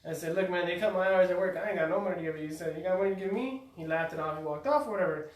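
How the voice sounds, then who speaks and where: High-voiced slangy man in his twenties. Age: 20s. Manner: quick-talking, slangy storyteller. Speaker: podcast co-host. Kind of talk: casual podcast banter. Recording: echoey room, far from mic.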